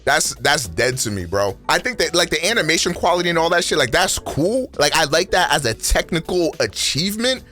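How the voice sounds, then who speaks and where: A man's voice: a little high, very animated, fairly quick, hardly any pauses, bright, forceful tone, faint music behind. A young man with a profane, slangy, rambling delivery, doing a comedic rant about video games on a studio microphone. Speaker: gaming YouTuber. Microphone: studio dynamic microphone.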